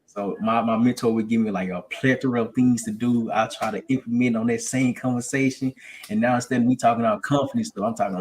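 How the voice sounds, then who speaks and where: A man in his twenties with a Southern accent, a real estate salesman chatting casually and telling an animated story, often repeating words as he gets going. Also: mid-range voice, brisk, slight background noise. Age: 20s. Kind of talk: casual conversation.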